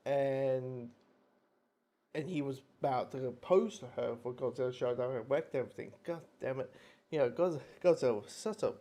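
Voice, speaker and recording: A man's voice: a little high, darkish tone. A man giving a casual, rambling spoken review of a comic, with frequent restarts, swearing and laughing at himself.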